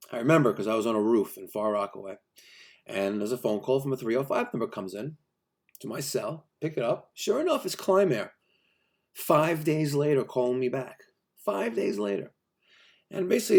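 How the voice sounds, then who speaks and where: A middle-aged New man with a somewhat low voice, ranting in a vlog about bad customer service. He sounds exasperated and keeps acting out his phone calls. He speaks as a trade contractor. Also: a little mellow. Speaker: HVAC contractor.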